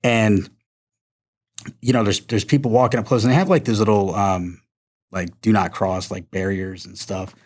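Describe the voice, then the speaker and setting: A man telling a war story in casual conversation, rambling and animated with many fillers. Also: on the low side, normal speed. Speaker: podcast guest, army veteran.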